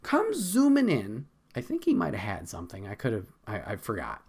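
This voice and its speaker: Male podcast host; lively, swooping delivery; casual, profane, exasperated. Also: on the low side, fast talker, vocal fry, slightly rough. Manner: laughs often.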